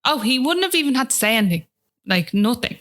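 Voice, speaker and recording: A woman's voice: fairly high pitch, big pitch swings, fast, fairly bright tone. A woman with an Irish accent, a podcast guest telling a personal story in a chatty way, often asking "do you know what I mean".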